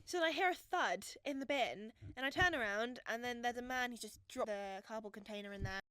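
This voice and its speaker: High, bright-voiced young woman telling stories. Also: a little fast, clear, resonant tone, no echo. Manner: giggly, animated storytelling. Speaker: podcast co-host. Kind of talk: casual chat.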